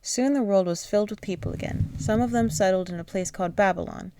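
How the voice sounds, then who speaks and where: Over background noise, a woman with a mid-range voice reads a kids' bedtime story quickly for her channel. The reading is gentle but rough, as she trips over names, apologizes sleepily, and starts lines again.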